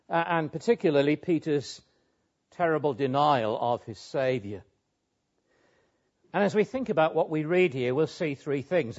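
A man's voice: a little high, a little mellow. Earnest male preacher, lo-fi recording. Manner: earnest, emphatic, rising and falling emphasis. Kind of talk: expository sermon. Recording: dull lo-fi sound.

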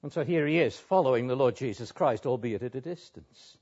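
A man's voice: medium pitch, expressive, brisk, a little mellow. A man preaching an expository sermon in an earnest, emphatic way, pressing key words with rising and falling emphasis. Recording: dull lo-fi sound.

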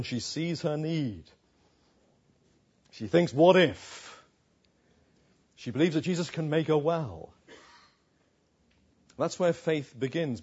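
Male preacher, emphatic sermon, husky tone, dull lo-fi recording. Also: fairly high pitch, warm tone. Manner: emphatic, asks rhetorical questions.

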